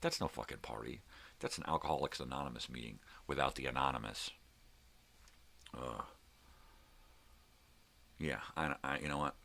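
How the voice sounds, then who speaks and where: A middle-aged man with an extremely low, gravelly voice rants through his morning vlog. His tone is forceful and a little raspy, and his rambling talk is full of swearing. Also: normal speed, long pauses. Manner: profane, rambling, ranting. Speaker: vlogger host. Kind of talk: casual morning rant.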